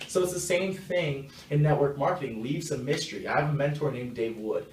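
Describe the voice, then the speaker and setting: A man's voice: medium pitch, brisk, darkish tone, slight background noise. A young man giving casual, frank advice on network marketing to his viewers, slipping into quoted dialogue as he tells stories. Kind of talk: casual direct-to-camera advice. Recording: roomy echo, mic at a distance.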